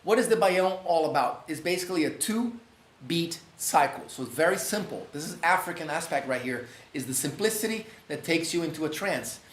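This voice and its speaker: A man's voice: a little high, lively intonation, moderate pace, echoey room, a little hiss or hum. A man with a Brazilian accent teaching a live online guitar masterclass, explaining rhythm and singing syllables to demonstrate. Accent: Brazilian Portuguese.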